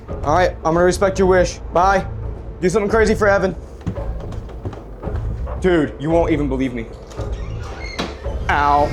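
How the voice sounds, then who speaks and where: A young man vlogging alone in an old house at night, addressing spirits quietly and shrieking and swearing when startled, hoarse from screaming. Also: a little high, moderate pace, long pauses, music in the background. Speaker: ghost-hunting vlogger. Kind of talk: excited paranormal vlog.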